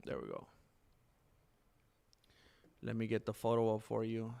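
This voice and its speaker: A man hosting a live stream in casual chat, rambling candidly and jumping into high, excited bursts when he thanks viewers. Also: unhurried, creaky, smooth.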